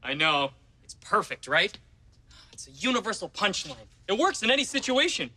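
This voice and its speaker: A man's voice: sits high, big pitch swings, normal speed, bright, forceful tone, heavily acted. An actor playing a goofy, theatrical sitcom father who draws comic strips. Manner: theatrical, over-the-top earnest. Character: goofy dramatic sitcom dad, middle-aged man. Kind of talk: sitcom acting.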